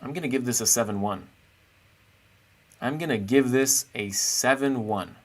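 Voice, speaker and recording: A man's voice: mid-range voice, normal speed. Chatty male chess streamer. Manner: chatty, playful, thinks aloud while searching. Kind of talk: casual live stream chat.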